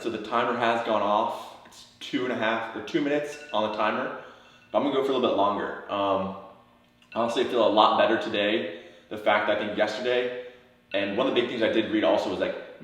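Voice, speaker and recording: A man's voice: lowish voice, fairly bright tone, reverberant. A young man talking casually to camera as a vlogger, chatty and swearing as he gets into cold water. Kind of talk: casual vlog talk to camera.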